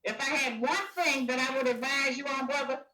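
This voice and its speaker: A woman's voice: sits high, fairly quick, bright, forceful tone, far from the mic, poor audio. An older woman guest in casual chat, blunt and teasing with a folksy way of talking.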